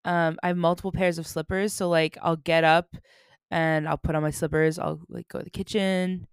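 A woman's voice: fairly low pitch, flat delivery, moderate pace, clean tone, no room sound, studio quality. A woman in her twenties co-hosting a podcast, chatting casually with a giggly manner and lots of fillers. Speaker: podcast co-host. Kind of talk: casual chat.

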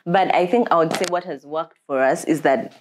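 A woman's voice: deep voice, fairly quick, a little hiss or hum. A woman guest and business owner in casual chat, rambling with lots of "like" and "you know".

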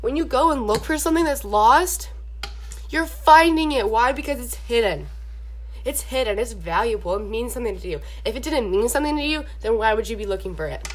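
A young woman with a slightly high voice talks straight to her listeners in a casual podcast, part pep talk and part sermon. She rambles and keeps checking in with "okay?" between her points. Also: expressive, brisk. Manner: chatty, preachy, rambling with frequent "okay?" asides. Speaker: podcast host. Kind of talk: casual faith advice talk.

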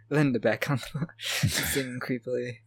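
Speaking a little slowly at medium pitch, this podcast co-host has a fairly bright, slightly rough voice, captured dry. He laughs a lot while casually replaying a horror movie's plot step by step.

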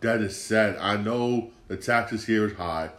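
Emphatic low-voiced man, echoey room. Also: a little slow, fairly bright tone. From Connecticut. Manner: emphatic, repeats "for real" and restarts phrases. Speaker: podcast host. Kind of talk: casual solo commentary.

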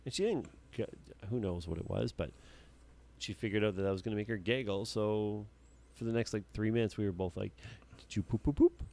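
Low, mellow-voiced male co-host. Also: fairly quick, vocal fry. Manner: rambling, swears freely. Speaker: podcast co-host. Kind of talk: casual chat.

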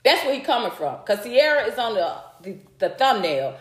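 A woman's voice: a little high, big pitch swings, moderate pace. A woman hosting a casual livestream, chatting straight to her viewers and swearing freely. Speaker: livestream host. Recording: roomy echo.

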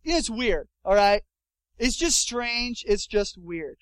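A young adult man preaching a sermon as pastor, telling a story with lively acted-out quotes. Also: sits high, slow, no echo, rough recording.

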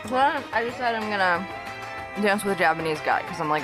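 A lively woman tells a casual anecdote and plays out what people said. Her voice sits mid-range, with music clearly audible underneath. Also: mid-range voice, a little fast. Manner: lively storyteller, acting out quotes.

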